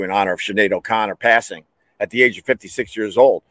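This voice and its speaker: A man hosting a casual comedic monologue, talking animatedly and breaking into shouted bits. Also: fairly low pitch, fast, no echo. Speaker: host.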